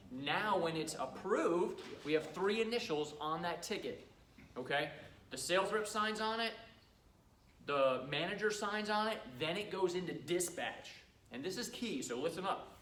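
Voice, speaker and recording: A middle-aged man who runs a cleaning business gives a casual training talk to a live audience, a chatty storyteller acting out customers' lines. His voice is on the high side and a bit bright. The poor audio is reverberant, from a distant mic, with a little hiss or hum.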